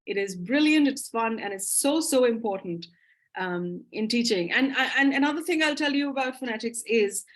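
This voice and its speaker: A woman's voice: fairly high pitch, lively intonation, moderate pace. A woman English teacher answering audience questions in a live webinar, talking with eager enthusiasm. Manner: enthusiastic, explanatory.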